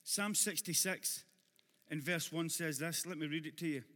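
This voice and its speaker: A Glaswegian man preaching a sermon in a church hall, his voice high and bright. He mixes joking asides to the congregation with passionate, shouted calls. The sound carries a long hall reverb. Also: normal speed. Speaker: pastor.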